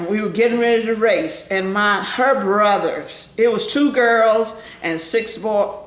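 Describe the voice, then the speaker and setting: An older woman animatedly telling a family story in an interview, laughing often and acting out the voices of people in it. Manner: lively, laughing, acts out voices in high shouts. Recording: echoey room with faint noise.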